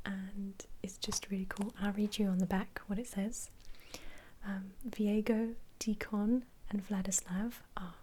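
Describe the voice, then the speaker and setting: A young woman, an ASMR creator, whispering casually about her favourite films, giggling often and pausing on ums. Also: medium pitch, warm tone, a little hiss or hum. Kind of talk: whispered ASMR film chat.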